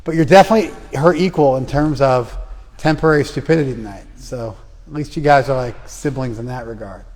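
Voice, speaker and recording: In a class recorded with long room reverb, a man teaching the Bhagavad Gita calls on students by name and bluntly ribs anyone who hesitates. He speaks briskly in a mid-range voice with a darkish tone.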